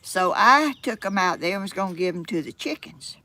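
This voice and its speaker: A woman's voice: mid-range voice, expressive, fairly quick, bright, forceful tone. An older woman from Georgia with a Southern accent, chatting in a folksy, rambling way to her camera at home. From Georgia, USA. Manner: folksy, rambling, exclaims often. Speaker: vlogger. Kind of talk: casual chat to camera. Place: at home by a yard.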